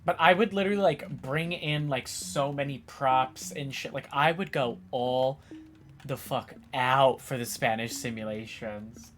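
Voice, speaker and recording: A woman's voice: rumbling low, a little slow, faint music behind. A woman streaming a video game, chatting casually, self-mocking and swearing freely. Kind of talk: casual live-stream chat while gaming.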